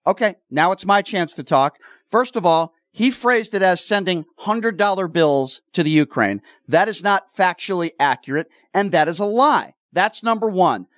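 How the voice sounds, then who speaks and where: Man, radio host, high voice, combative, interrupting, dry studio sound. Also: expressive, moderate pace, fairly bright tone, dry recording. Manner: combative, interrupting, repeats himself to hold the floor. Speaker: radio talk show host. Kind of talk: heated call-in radio argument. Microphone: studio microphone.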